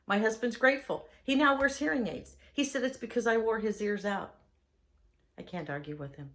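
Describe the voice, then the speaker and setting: A middle-aged woman chatting casually as host, an enthusiastic and animated storyteller. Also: on the high side, normal speed. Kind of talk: casual chat.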